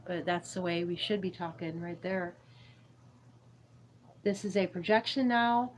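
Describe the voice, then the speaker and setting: A woman's voice: fairly low pitch, a little mellow, slight background noise, low-quality recording. A woman hosting a spiritual livestream, chatting in a loose, meandering way, laughing often and answering viewers' chat. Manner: giggly, meandering, reads chat aloud. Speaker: YouTube livestream host.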